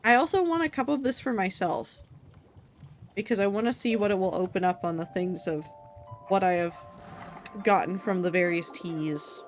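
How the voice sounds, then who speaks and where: A woman's voice: mid-range voice, normal speed, faint music behind. A young woman streaming a game, chatting casually with playful, mock-exasperated remarks.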